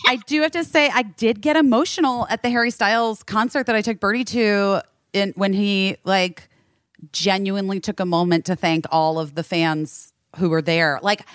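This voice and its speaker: A woman co-hosting a podcast, telling stories in a chatty, animated way. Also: on the low side, clear, resonant tone, no room sound, studio quality. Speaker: podcast co-host. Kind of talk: casual chat.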